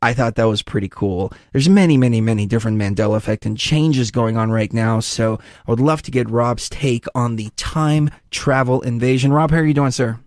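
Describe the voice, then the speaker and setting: A man hosting an interview show, chatting casually and telling rambling stories in an animated way. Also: medium pitch, fairly quick, hardly any pauses, dry recording, clean studio sound. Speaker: host.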